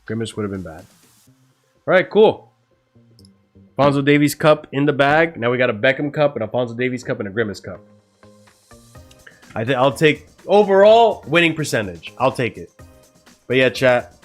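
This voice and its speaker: A chatty American man signing off a casual livestream. His voice sits at an ordinary middle pitch, and his talk swings between upbeat calls to his chat and mumbled asides. Faint music plays behind him. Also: lively intonation, moderate pace, pauses often. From United States. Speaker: livestream host. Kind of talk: casual watch-along stream sign-off.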